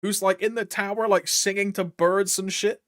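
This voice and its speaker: A young man chats loosely on a live game stream, full of "like" and idle humming. His voice sits a little high for a man, and it is recorded close and dry. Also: flat delivery, normal speed, fairly bright tone, dry recording. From Britain. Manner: rambling, lots of "like", hums to himself. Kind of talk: casual live-stream chat.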